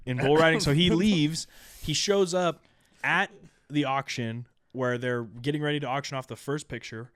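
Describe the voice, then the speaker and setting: A man's voice: on the high side, normal speed, fairly bright tone, no room sound, clean studio sound. A man co-hosting a movie podcast, casually retelling a film's plot and acting out the characters' lines. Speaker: podcast co-host. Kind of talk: casual movie recap chat.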